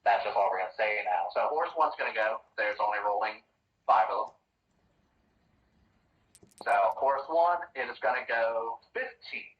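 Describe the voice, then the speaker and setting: A man's voice: on the low side, expressive, moderate pace, long pauses, roomy sound, distant mic, dull audio. A man acting as dungeon master in an online tabletop game, tracking bets and dice rolls aloud with casual asides.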